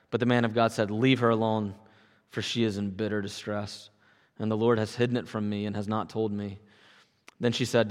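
A man reading a long Bible passage aloud in a measured, even way during a church service. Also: medium pitch. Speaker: scripture reader. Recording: long reverb.

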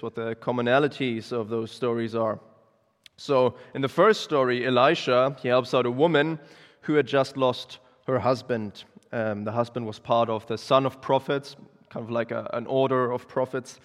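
Preacher guy talking casually, lots of ums, mid voice, long church echo. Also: mid-range voice. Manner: conversational, with frequent ums and self-corrections. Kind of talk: sermon. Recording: long reverb.

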